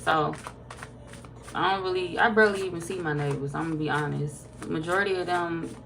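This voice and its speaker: A woman tarot reader casually chatting with viewers on a livestream, reading their comments aloud, laid-back and quick to laugh. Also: lowish voice, steady tone, gravelly.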